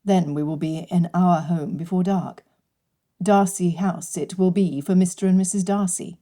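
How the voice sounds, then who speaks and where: A woman voicing a reserved, injured young gentleman in an audiobook, speaking in a formal, earnest way with her voice pitched a little lower. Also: steady tone, normal speed, natural voice. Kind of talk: audiobook character reading.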